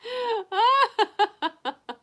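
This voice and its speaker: A woman's voice: extremely high pitch, expressive, drawn-out words, sharp tone. A woman hosting a casual livestream, cooing in baby talk to her pet rabbit and chatting with viewers. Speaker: tarot reader livestream host.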